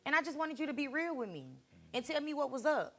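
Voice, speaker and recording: A woman's voice: high voice, quick pace, bright, forceful tone. A young woman appearing as a talk show guest, speaking hesitantly with many fillers as she confronts her friend.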